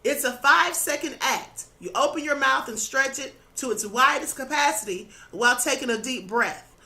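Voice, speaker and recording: High bright-voiced woman teaching spirituality. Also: moderate pace. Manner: earnest, instructive, adds "okay?" and "you know". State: slightly losing her voice. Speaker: spiritual channel host.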